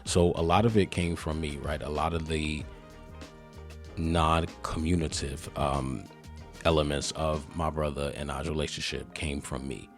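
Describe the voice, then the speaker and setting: Male podcast host, extremely low and deep, relaxed conversational delivery, light music bed. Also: unhurried. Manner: laid-back, conversational, frequent "you feel me" asides. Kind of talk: casual solo podcast monologue.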